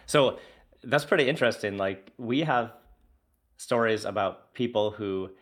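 Man podcast co-host, bright forceful tone, loose animated chat. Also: on the low side, unhurried. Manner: casual, animated, swears lightly, trails off. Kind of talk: casual conversation.

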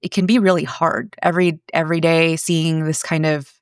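A woman interviewer asks questions in an encouraging way, searching for her words as she goes. Her voice sits very low for a woman and has a gravelly fry. The recording is dry and close-miked. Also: level tone, normal speed, dry recording. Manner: warm, encouraging, hesitant phrasing. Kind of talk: conversational interview.

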